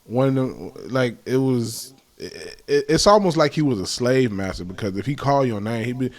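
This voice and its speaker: A young man hosting a casual chat, telling family stories with animated bursts and mimicked calls. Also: mid-range voice, moderate pace. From American South. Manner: animated storyteller, mimics relatives' shouts. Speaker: host.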